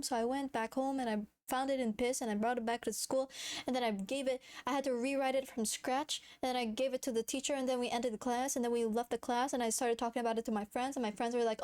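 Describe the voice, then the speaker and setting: A young woman streams as a VTuber, chatting casually in a frantic way, swearing and giggling a lot. Her voice is a little high with a darkish tone.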